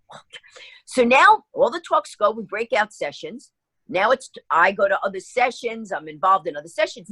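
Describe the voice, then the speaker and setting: A woman from New York tells stories as a radio guest, her voice sitting a little high and jumping into the voices of everyone in the tale. The sound is dry and close. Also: a bit bright, slightly rough, no echo, rough recording. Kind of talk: animated storytelling in a radio interview.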